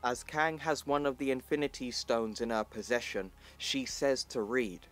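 A man hosting his channel, narrating a comic book story in plain, even storytelling and reading the characters' lines in his own voice. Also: medium pitch, normal speed, hardly any pauses, soft background music. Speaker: channel host.

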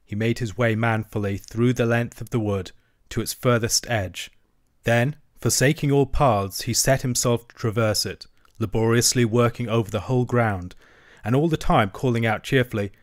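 A man narrating a classic children's novel aloud with measured, expressive storytelling. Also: medium pitch, no echo. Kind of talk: audiobook reading of a classic novel. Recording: dry close recording.

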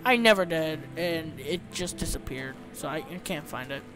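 A young man yelling through game commentary. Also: a little high, normal speed, over music. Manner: excitable, swears, yells when startled. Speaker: let's play host. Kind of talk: Minecraft gameplay commentary.

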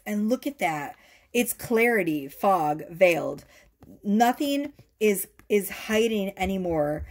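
A woman giving a casual tarot reading to camera, gushing and excitable, swearing freely as she talks. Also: mid-range voice, slow. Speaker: tarot reader.

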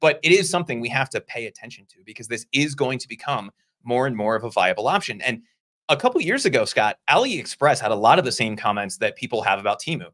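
A man's voice: medium pitch, animated, fairly bright tone. Guy co-hosting a chill talk show, explains stuff, lots of asides. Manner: conversational, explains with quick asides and laughs. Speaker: podcast co-host. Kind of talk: casual discussion.

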